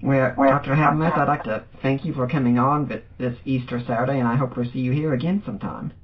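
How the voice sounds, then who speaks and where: A man's voice: mid-range voice, fairly even intonation, quick pace, distant mic, slight background noise. A man hosting a podcast, thanking his guest and signing off in a friendly, plain way. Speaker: podcast host. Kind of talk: podcast interview. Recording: dull audio with faint music.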